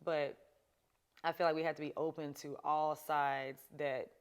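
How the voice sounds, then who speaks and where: A woman with a low, smooth voice hosts a casual advice show. She talks straight to her viewers in a chatty, emphatic way and laughs easily along the way. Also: level tone, measured pace. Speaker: show host. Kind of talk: casual advice talk to camera.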